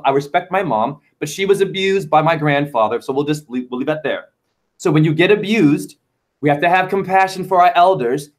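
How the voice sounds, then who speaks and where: A man talking as a show guest in a rambling, fervent monologue full of wordplay. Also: on the high side. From United States. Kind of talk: casual chat.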